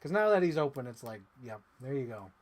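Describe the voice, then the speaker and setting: A man chatting casually on a live stream while unboxing toys, rambling and excitable with lots of "like.". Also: medium pitch, fairly quick. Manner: rambling, excitable, heavy use of "like". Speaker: toy collector streamer.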